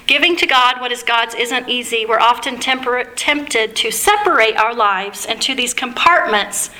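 A woman preaching in a conversational sermon, asking her listeners questions as she goes. Her voice is high and bright. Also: moderate pace, rough recording. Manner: conversational, asks the congregation questions.

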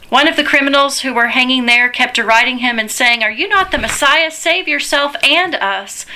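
A woman giving a measured, deliberate liturgical Bible reading as a scripture reader. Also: a little high, bright, forceful tone.

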